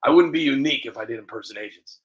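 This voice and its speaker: A man's voice: mid-range voice, racing, muffled recording, crowd noise. A man, a video creator, rambling casually to the camera with many restarts and fillers, often laughing at himself.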